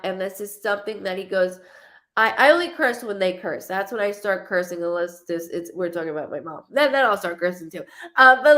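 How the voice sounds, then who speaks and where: A woman's voice: on the high side, a bit bright. A woman psychic medium giving a live reading, talking in a rambling, emotional way and cursing freely.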